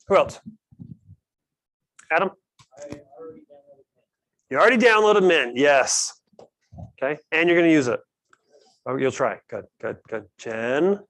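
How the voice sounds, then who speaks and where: A man's voice: on the high side, expressive, a little slow, long pauses, fairly bright tone, no echo. Guy running a team meeting, calls on folks, dry close sound. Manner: upbeat, calls on people by name. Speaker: host of a team finance meeting. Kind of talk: casual group discussion.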